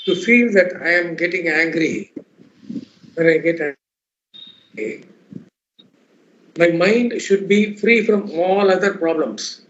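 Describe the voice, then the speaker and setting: A man's voice: high voice, takes it slowly, long pauses, fairly bright tone, a little hiss or hum. A man in an online class tentatively asking his teacher whether he has understood. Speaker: student. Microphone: video call. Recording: dull lo-fi online call, faint clicks.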